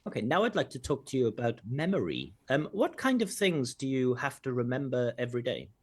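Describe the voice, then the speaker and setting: A man's voice: mid-range voice, sing-song, a little fast, a little mellow, husky. A man who works as a language examiner, breaking down a recorded speaking test and commenting point by point. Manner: explanatory, stops to comment. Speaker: IELTS examiner and teacher. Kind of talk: spoken exam feedback.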